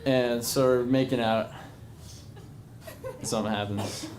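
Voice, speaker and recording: Speaking slowly in a steady, mid-range voice, a man in his twenties tells a bar crowd a rambling personal story, mocking himself and leaning on lots of fillers. The recording has echo and crowd noise.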